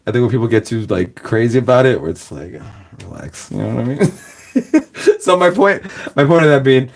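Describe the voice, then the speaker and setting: A man's voice: mid-range voice, sing-song, brisk. A man from Los Angeles hosting a reaction video, chatting casually in a rambling way, packing his talk with fillers and laughing often. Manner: rambling, fills every phrase with "like", laughs often. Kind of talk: casual chat.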